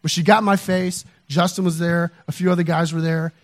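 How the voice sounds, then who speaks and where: Pastor guy telling a story in a sermon, kinda high voice, talky with lots of uhs. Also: level tone, a little fast. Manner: conversational, with fillers and restarts.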